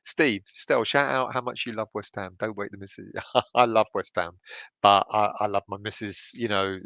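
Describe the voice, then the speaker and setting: A man's voice: lowish voice, fairly even intonation, moderate pace, gravelly, sharp tone, no room sound. A middle-aged man hosts a late-night chat, keeping his voice down and swearing freely as he reads viewer comments. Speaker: fan channel host reading live chat. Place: home at night.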